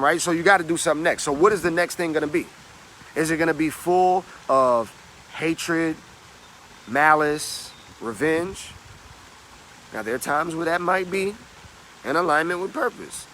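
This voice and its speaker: A man giving a motivational talk in a bright, fairly high voice. He is emphatic and slangy, and he preaches through street-level stories. A faint hum sits behind him. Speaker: motivational speaker.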